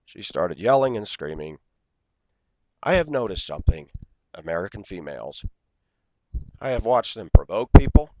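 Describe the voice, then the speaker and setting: A man's voice: deep voice, sing-song, moderate pace, pauses often, darkish tone, highs cut off. Indignant man in his forties ranting. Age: 40s. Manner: indignant, aggrieved, acts out dialogue. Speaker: vlogger. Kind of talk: ranting personal storytelling.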